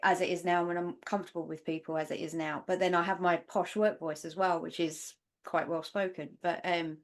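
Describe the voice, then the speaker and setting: A woman from England with a London accent, a podcast guest telling stories in casual, animated chat. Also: fairly low pitch, fairly quick. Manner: animated storyteller, swears freely.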